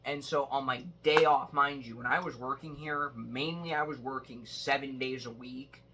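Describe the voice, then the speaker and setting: A young man rambles through a story in casual conversation, full of fillers and bursts of laughter. His voice is bright and forward, at an ordinary pitch. Faint background hum sits under his voice. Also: fairly even intonation, normal speed. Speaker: guest telling stories. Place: indoors at a sleepover.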